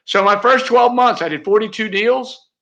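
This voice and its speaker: A man's voice: sits high, normal speed, vocal fry, a bit bright, dull audio. A middle-aged man telling a heartfelt personal story as an interview guest, earnest, with many restarts. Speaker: real estate agent, interview guest.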